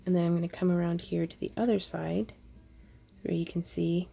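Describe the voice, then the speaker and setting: A woman hosting a wire-wrapping jewelry tutorial, thinking aloud casually as she works, with playful little sound effects and soft asides. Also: fairly low pitch, fairly even intonation, fairly quick, vocal fry, breathy edge. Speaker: jewelry-making tutorial host. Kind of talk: casual crafting tutorial narration.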